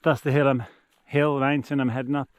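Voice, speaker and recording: A man's voice: mid-range voice, flat delivery, brisk, no room sound. A British man vlogging as he backpacks alone, chatty and full of exclamations, talking now and then to his dog. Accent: British English. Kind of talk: casual outdoor vlog narration. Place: outdoors on open hillside.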